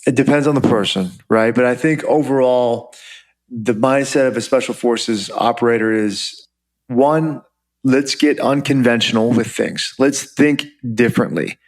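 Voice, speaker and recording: A man's voice: medium pitch, a little slow. A man in his forties, a former Army officer, telling stories as a podcast guest in a loose, chatty way full of "you know" and "like". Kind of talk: casual interview storytelling.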